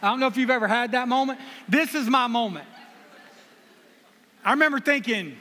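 A man's voice: very high voice, expressive, fairly quick, pauses often, bright, forceful tone. A man, preaching as a guest with self-deprecating humor and earnest personal stories. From South Carolina. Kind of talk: sermon with personal storytelling. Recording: long reverb of a hall.

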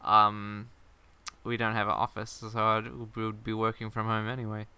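A young man, a game developer, chatting casually on a podcast, relaxed and rambling, with restarts. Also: lowish voice, moderate pace, smooth.

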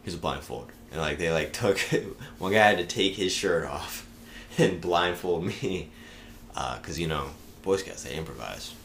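A man's voice: deep voice, measured pace, creaky, fairly bright tone, a little hiss or hum. A young man in his twenties, a podcast guest, casually telling rambling stories, swearing freely and laughing as he goes. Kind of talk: casual storytelling.

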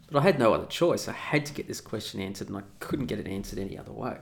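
Man, casual rant, opinionated, gravelly voice. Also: fairly low pitch, quick pace, hardly any pauses. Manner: opinionated, animated, swears freely. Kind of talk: casual ranting monologue.

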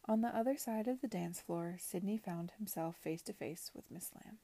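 A woman reading a novel aloud softly in a whispered reading. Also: medium pitch, normal speed, vocal fry. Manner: soft, hushed narration. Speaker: reader.

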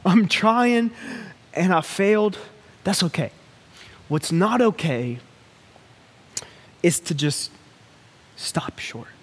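A male preacher delivers a sermon in a slow, deliberate cadence, leaning into long pauses. His voice sits a little high for a man, and his tone is earnest and pleading. The sound rings with the long reverb of a large hall. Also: sing-song.

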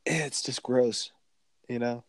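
A man's voice: medium pitch, steady tone, a little slow, gravelly, dry recording. A young man chatting casually as a podcast co-host, rambling and swearing constantly. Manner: crude, profane, rambling. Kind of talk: casual chat.

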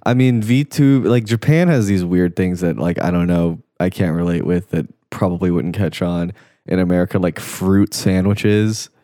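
A young man's low, mellow voice drifting through casual podcast chatter. He rambles, swears freely and trails off mid-thought, and the sound is close and dry. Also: fairly even intonation, moderate pace, dry recording. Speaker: podcast co-host. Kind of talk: casual chat.

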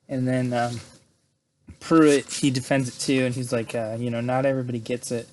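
A man's voice: medium pitch, flat delivery, brisk, darkish tone, a little hiss or hum. A man casually recapping a movie's plot, rambling with lots of fillers and tag questions. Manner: rambling, filler-heavy, frequent "right?" and "like"; laughs between lines. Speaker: film recapper.

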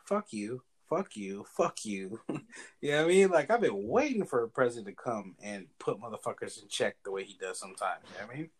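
A man's voice: mid-range voice, expressive, fast, breathy edge. A young man co-hosting a podcast, ranting in a casual, profane chat. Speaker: podcast co-host.

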